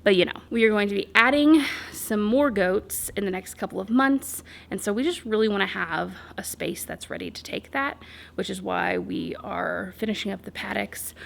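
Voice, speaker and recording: A woman's voice: mid-range voice, animated, moderate pace, vocal fry. A young woman vlogging outdoors on her farm, talking casually with lots of fillers. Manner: chatty, rambling with fillers. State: out of breath. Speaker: homesteader vlogger. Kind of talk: casual outdoor vlog narration.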